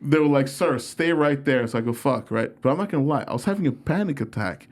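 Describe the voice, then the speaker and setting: A man's voice: mid-range voice, animated, fast talker, a little mellow. Young male comedian guest, casual storyteller, profane and self-mocking.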